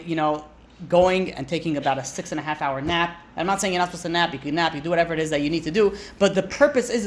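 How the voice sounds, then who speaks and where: A man's voice: high voice, a little hiss or hum. A man, a rabbi, giving an informal Torah class, chatty and often interrupting himself to joke with the room. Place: classroom with a live audience.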